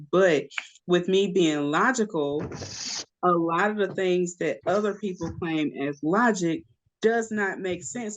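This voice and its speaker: A woman's voice: on the low side, low-quality recording. Emphatic woman co-hosting a podcast. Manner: emphatic, argumentative. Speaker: podcast co-host. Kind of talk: casual podcast chat.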